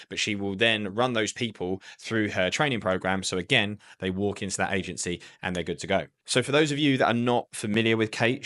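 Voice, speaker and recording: A man's voice: fairly low pitch, fairly bright tone. A man hosting a podcast, introducing his guest with enthusiasm and a self-deprecating aside. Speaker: podcast host. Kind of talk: scripted podcast intro, then casual chat.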